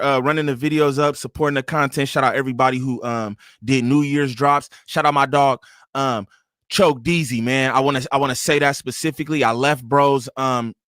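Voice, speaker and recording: A man's voice: a little high, sharp tone, no room sound, clean studio sound. A man hosting a reaction channel, giving joking, slangy commentary. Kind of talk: casual commentary.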